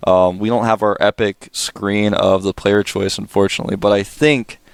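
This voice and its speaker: A man casting a live video game match from a studio, excitable and rambling, breaking into jokes. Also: lowish voice, moderate pace, creaky, clean tone, dry recording. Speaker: esports caster. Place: broadcast studio.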